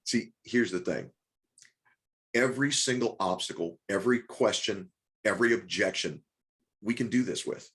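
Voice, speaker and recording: A man coaching a group on a live call, talking quickly with many restarts and rhetorical questions. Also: on the low side, fairly bright tone. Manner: rapid, repetitive restarts, coaxing and rhetorical questions. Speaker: business coach.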